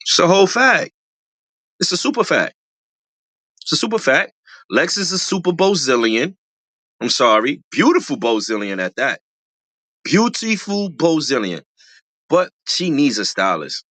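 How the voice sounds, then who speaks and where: This reality show commentator is unhurried and pauses often, yet stays animated and slangy in casual commentary. Repeated lines add emphasis, the voice spikes high with excitement, and there's no echo.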